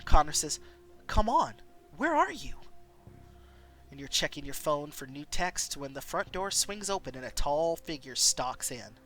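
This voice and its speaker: A woman's voice: low-pitched, moderate pace, hardly any pauses, a bit bright. A woman streamer reading an interactive story game aloud, taking viewer votes and exclaiming often.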